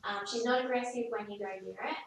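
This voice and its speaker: A woman's voice: a little high, fairly even intonation, fast talker, gravelly. A woman with an Australian accent, a dog owner answering questions casually and a bit hesitantly. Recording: very echoey, from a distance, faint noise.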